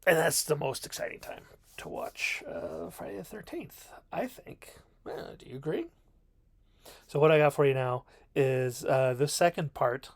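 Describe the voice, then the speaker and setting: A man talks through a horror film review in a loose, rambling way, cracking jokes at his own expense. His voice sits at an ordinary middle pitch. It sounds dry and close, recorded in a bedroom with no room echo. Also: creaky. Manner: rambling, self-mocking, jokey. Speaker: video reviewer. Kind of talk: casual film review monologue.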